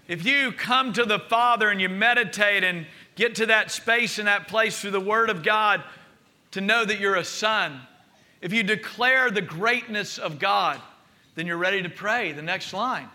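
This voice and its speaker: A man's voice: high-pitched, sharp tone. A man preaching a sermon as pastor, leading the congregation in spoken declarations. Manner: leads congregation in call-and-response declarations.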